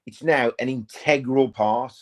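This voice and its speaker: A man hosting a live football watch-along from home, chatting to viewers in a rambling way and breaking into quick play-by-play. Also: medium pitch. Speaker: fan channel host.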